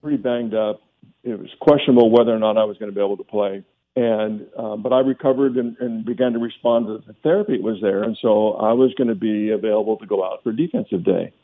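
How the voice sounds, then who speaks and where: A man's voice: on the low side, steady tone, quick pace. A man, a former football player, telling a candid story as a guest in a radio interview. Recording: tinny phone line.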